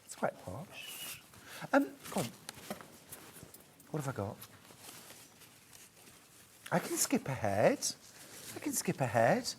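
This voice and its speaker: A woman's voice: rumbling low, huge pitch swings, slow pace, pauses often, darkish tone, a little hiss or hum. A middle-aged woman presenting crafts on a shopping channel, chatty, jokey and upbeat as she demonstrates products live.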